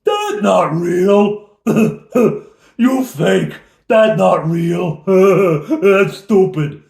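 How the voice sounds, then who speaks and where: Dude doing a big dumb ogre, loud and slow, broken words, echoey room. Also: male voice, high-pitched, lively intonation, creaky, pitched above the performer's own voice, exaggerated voice. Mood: scornful. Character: dim-witted huge male ogre, blunt and scornful. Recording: roomy echo.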